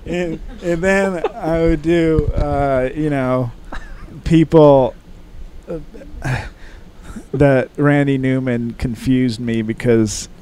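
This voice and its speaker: A man's voice: a little high, warm tone. A man guesting on a podcast, telling rambling anecdotes in casual chat. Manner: rambling anecdotes, drawn-out delivery.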